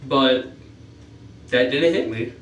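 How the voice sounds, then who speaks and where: A man's voice: slow pace, roomy sound, far from the mic, a little hiss or hum. A teenage boy telling a story to the camera in a casual, rambling way, filling every gap with "you know", his nose a little stuffy. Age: teens. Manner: jumps up in pitch on excited parts. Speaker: vlogger.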